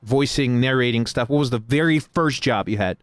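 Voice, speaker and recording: A man's voice: mid-range voice, fairly quick, smooth, no echo, clean studio sound. A man hosting a casual livestream interview, laughing often and restarting his sentences. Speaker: stream host.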